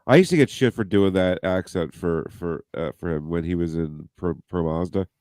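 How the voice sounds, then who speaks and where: A man with a low, deep voice co-hosts a casual podcast. He reads news items aloud and breaks off into profane jokes. The sound is dry and close to the mic. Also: normal speed, a little mellow, no echo. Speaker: podcast co-host.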